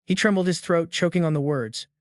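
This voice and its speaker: A man's voice: a little high, brisk, no room sound, clean studio sound. A man narrating a dramatic story recap in a scripted, storytelling manner.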